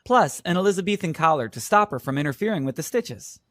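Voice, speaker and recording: A man's voice: fairly high pitch, animated, fast talker, fairly bright tone, dry recording. A man playing a patient vet in a scripted exam listening dialogue, explaining things reassuringly. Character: calm reassuring male vet. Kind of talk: scripted exam role-play.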